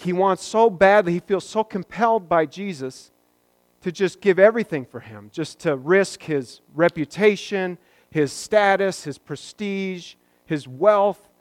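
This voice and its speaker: Conversational man preaching, slightly high voice. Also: no room sound. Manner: conversational, joking asides. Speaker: pastor. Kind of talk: sermon.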